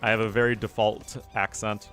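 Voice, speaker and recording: A man's voice: lowish voice, little pitch movement, moderate pace, fairly bright tone, faint music behind. A man with a General American accent casting a live strategy game, chatty and casual and laughing often. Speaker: caster. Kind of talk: live game commentary reading chat.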